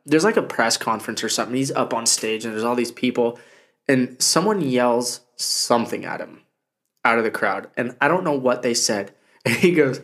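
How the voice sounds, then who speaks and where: A young man co-hosting a casual podcast chat, swearing freely and telling stories in an animated way. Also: mid-range voice, moderate pace. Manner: profane, animated storytelling. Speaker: podcast co-host.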